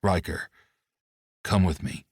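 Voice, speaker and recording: A man voicing a low, growling bodyguard. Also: fairly even intonation, slow pace, slightly rough, dry recording, studio quality, heavily acted. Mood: menacing.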